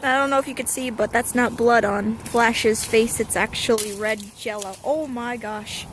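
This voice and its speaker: Slow-talking amused woman filming outdoors. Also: on the high side, a little hiss or hum. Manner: amused, laughing often, fond exclamations. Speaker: dog owner filming her huskies. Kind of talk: casual commentary while filming. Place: outdoors in a snowy yard.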